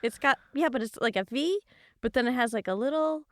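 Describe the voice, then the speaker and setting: A woman's voice: a little high, brisk, no room sound, studio quality. A woman hosting a podcast, telling anecdotes in a casual, laughing way. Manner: laughs through her anecdotes. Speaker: podcast host.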